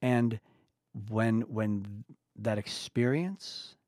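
A man's voice: fairly low pitch, very slow, a little mellow, no echo, studio quality. Frank, down-to-earth man telling his story. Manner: frank and colloquial, acts out remembered exchanges. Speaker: podcast guest. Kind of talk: candid podcast conversation.

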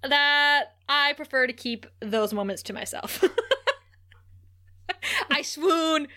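Bright, high-voiced giggly woman podcaster. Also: unhurried, smooth. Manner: giggly and chatty, laughs often. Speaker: podcast co-host. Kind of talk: casual episode recap chat.

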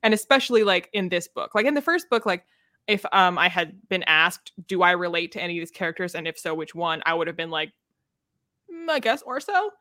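A young woman with a bright, clear voice chats about a book series, laughing often and leaning on fillers. She sits close to the mic in a dry, dead room with no echo. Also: on the low side, fast talker. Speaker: podcast co-host. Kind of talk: casual book discussion chat.

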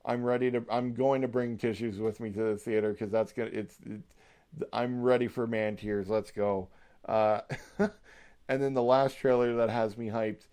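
A young man hosting a casual solo podcast, rambling excitedly like a hyped fan and swearing freely. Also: medium pitch, moderate pace, clean tone. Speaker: podcast host.

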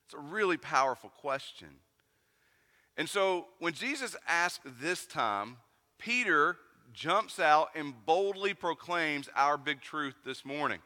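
A man's voice: fairly high pitch, expressive, slow pace, sharp tone. A man with an East Tennessee Southern accent, preaching a conversational sermon full of questions to his congregation. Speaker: pastor. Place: church sanctuary. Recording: long reverb of a church hall.

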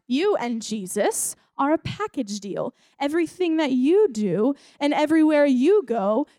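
A young woman with a high voice gives a relaxed sermon at church. She talks in a chatty way with plenty of fillers and acted-out quotes. The sound is close and dry. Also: no room sound. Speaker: speaker at a church service. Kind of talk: casual sermon with a story.

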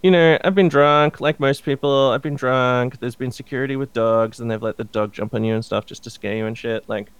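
A man with a smooth, clean voice recorded close and dry. He chats casually and rambles through his story, swearing freely. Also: medium pitch, fairly even intonation, fairly quick, hardly any pauses, dry recording. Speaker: podcast co-host. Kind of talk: casual chat.

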